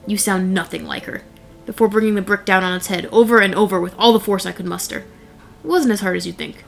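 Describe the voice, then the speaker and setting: A young woman narrates a first-person horror tale with a wry, blunt delivery and casual profanity. Her voice sits in a middle register, and soft music plays underneath. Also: mid-range voice.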